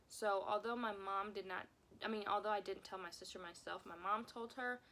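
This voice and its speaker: A woman's voice: mid-range voice, steady tone, brisk, sharp tone. A young woman telling a personal story time on her vlog, emotional and rambling, often repeating herself. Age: young adult. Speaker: vlogger.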